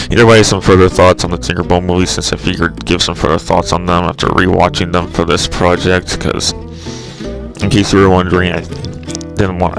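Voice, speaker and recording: Hosting his own channel, a man with a low, gravelly voice rambles through casual video commentary, ranting in exasperation and swearing frequently. The audio quality is poor.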